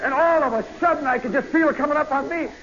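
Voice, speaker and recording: A man telling a comic story in a live radio monologue, swinging from hushed asides to loud yelps. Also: very high voice, fast. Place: nightclub stage. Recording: muffled vintage radio broadcast with hiss.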